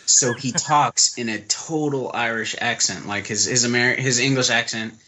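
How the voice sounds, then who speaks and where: A young man from the United States co-hosts a podcast in easy, rambling chat. His voice is bright and clear at a middle pitch, and he strings thoughts together with lots of fillers. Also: moderate pace, a little hiss or hum. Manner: laid-back, rambling storyteller with many fillers. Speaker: podcast co-host. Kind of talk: casual chat. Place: living in Germany.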